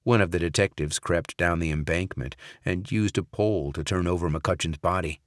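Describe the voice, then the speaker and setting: Deep-voiced male audiobook narrator. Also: dry recording, clean studio sound. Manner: measured, even storytelling. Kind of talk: scripted narration.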